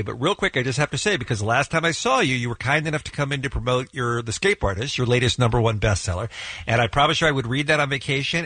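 A man's voice: medium pitch, sharp tone, dry recording. A man hosting a morning radio show, laughing often and chatting enthusiastically with a guest in the studio. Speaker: radio host. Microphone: studio microphone.

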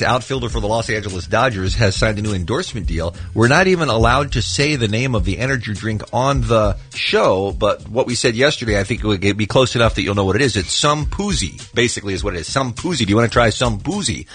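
A man co-hosting a morning radio show, introducing callers and teasing his partner with a quick laugh. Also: medium pitch, animated, a bit bright, breathy edge.

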